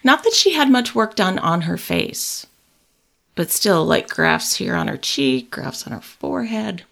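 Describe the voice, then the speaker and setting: A woman's voice: fairly low pitch, big pitch swings, unhurried, gravelly, a bit bright. A woman co-hosting a podcast, chatting casually and giving blunt, teasing opinions on an episode. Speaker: podcast co-host. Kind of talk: casual chat about a TV episode.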